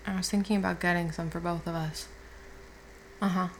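A woman playing a caring girlfriend who has just woken up, speaking softly and reassuringly with casual swearing in an audio role-play. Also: fairly low pitch, fairly even intonation, a little fast, slight background noise, close to an everyday voice, low-quality recording. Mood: tender. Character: affectionate young woman, the listener's caring girlfriend.

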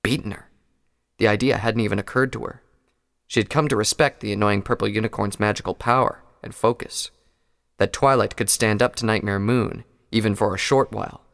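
A man narrating a fan fiction story in a measured, even reading. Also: on the low side, gravelly. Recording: long hall reverb.

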